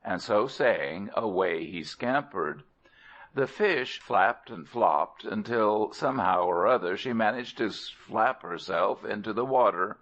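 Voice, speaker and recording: A man narrating a folk tale as an audiobook in a measured, expressive way, on a dull lo-fi recording. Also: on the low side. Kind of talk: storybook narration.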